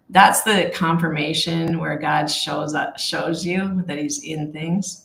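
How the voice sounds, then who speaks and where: A woman leading a casual Bible study, talking in a heartfelt, halting way with many fillers and restarts. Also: deep voice, fairly even intonation, vocal fry, fairly bright tone, reverberant, slight background noise, low-quality recording.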